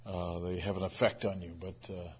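A man speaks slowly and reflectively in a low, flat, husky voice. He pauses often as he gathers his thoughts. The recording is dull and sounds a little off mic. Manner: quiet, reflective, halting.

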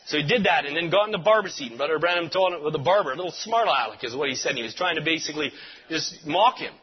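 A male preacher telling a story in a sermon, animated and punctuated with amens. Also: fairly high pitch, fast, lo-fi sound. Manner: animated storyteller, repeats amen.

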